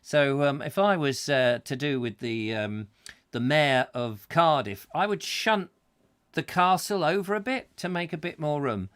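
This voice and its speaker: A man's voice: on the high side, expressive, measured pace, fairly bright tone, clear, resonant tone. A man with a rambling, self-mocking manner, hosting a comic live chat show and full of fillers and asides.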